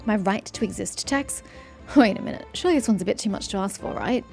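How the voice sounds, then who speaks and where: A woman's voice: mid-range voice, fast talker, gravelly, darkish tone, soft background music, close to an everyday voice. A woman voicing a jittery, overtaxed male merchant in a game, anxious and pleading, with rising questions. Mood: nervous.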